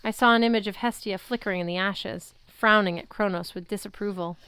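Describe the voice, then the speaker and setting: A woman narrating a novel chapter aloud in the first person with steady, unhurried reading. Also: medium pitch, smooth, no echo. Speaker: audiobook reader.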